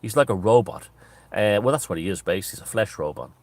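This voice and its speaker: A man's voice: on the low side, expressive, fast, dry recording. A man with an Irish accent delivering a scornful, ranting political monologue, sometimes mimicking others. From Ireland. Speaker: political commentator. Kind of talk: monologue commentary.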